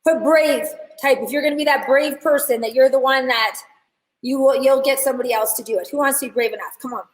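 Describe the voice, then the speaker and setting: Chatty high-voiced woman teaching. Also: quick pace, reverberant, rough recording. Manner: chatty, animated storyteller addressing chat. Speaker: hair educator. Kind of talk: live online class.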